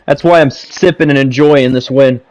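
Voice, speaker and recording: A man giving casual, ranting commentary over his own gameplay footage, seated at a home setup, repeating himself and punctuating plays with "boom". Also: fairly even intonation, moderate pace, darkish tone, faint music behind, rough recording. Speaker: gaming commentator.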